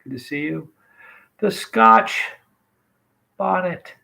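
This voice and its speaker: A man's voice: sits high, expressive, slow pace, gravelly, bright, forceful tone, low-quality recording. Congested man hosting a casual livestream. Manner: greets chat viewers by name, rambling asides. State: stuffed-up nose, congested. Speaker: livestream host.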